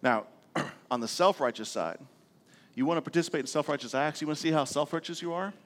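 A man's voice: a little high, fairly quick, a bit bright. Middle-aged man, a pastor preaching a sermon: casual, self-deprecating, stories broken up with frequent check-ins.

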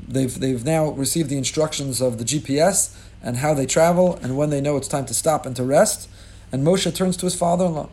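A man, a rabbi giving an impassioned sermon on the Torah portion, weaving Hebrew terms into English and rising high when he acts out pleas. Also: a little fast, a little mellow.

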